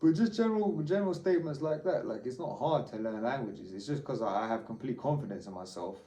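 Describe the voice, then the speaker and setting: A man's voice: mid-range voice, expressive, quick pace, dark tone. A man with a London accent talking casually to camera as a travel vlogger, rambling, boastful and swearing freely, a little tired. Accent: London English. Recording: roomy echo, faint background hum.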